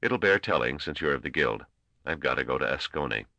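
Man reading a blunt, gruff veteran trader, extremely low voice, dry close sound. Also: lively intonation, a little fast, sharp tone, dry recording, heavily acted. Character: gruff seasoned male space trader.

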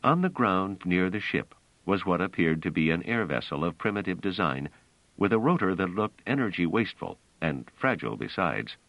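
A man narrating an audiobook in a measured, expressive reading style. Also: low voice, creaky, dry recording, dull audio. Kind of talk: scripted narration.

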